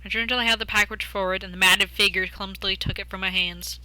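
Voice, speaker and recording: A young woman reads a game's story aloud on stream, slipping into jokey asides. Her voice is very bright and sharp. The sound is dry and close. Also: medium pitch, steady tone, fast talker, dry recording. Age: young adult. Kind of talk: reading a game aloud while chatting.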